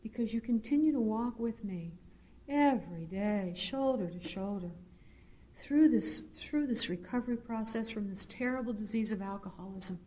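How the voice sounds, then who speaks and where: A middle-aged woman giving a personal testimony at a recovery meeting. She tells her story in an animated, earnest way and shifts into spiritual reflection. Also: normal speed, slight background noise. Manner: animated storyteller, swings to high excited re-enactment. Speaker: speaker sharing at a recovery meeting.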